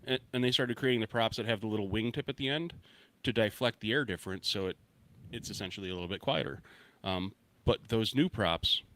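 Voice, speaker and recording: A man's voice: lowish voice, brisk, fairly bright tone. A man co-hosting a podcast, joking around in loose, crude banter. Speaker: podcast co-host. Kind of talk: casual banter.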